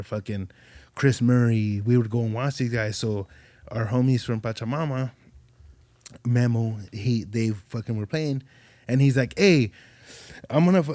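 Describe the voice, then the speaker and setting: A man's voice: mid-range voice, a little mellow, dry recording. A man as a podcast guest telling stories in casual chat, swearing a lot, rambling, and acting out the voices of people he quotes.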